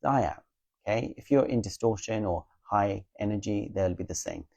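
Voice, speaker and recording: Low-leaning and darkish with vocal fry, this expressive voice moves at normal speed in a dry recording. The man, a spiritual advice creator, speaks earnestly and casually about spiritual healing, reassuring viewers, asking "okay?" and occasionally swearing bluntly.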